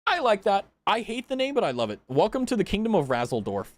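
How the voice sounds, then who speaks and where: A man's voice: sits high, wildly swooping pitch, fast, no echo. Playful male game streamer with a sing-song, up-and-down delivery and frequent giggles. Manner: playful, giggly, reads menu items aloud. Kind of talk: casual gameplay commentary.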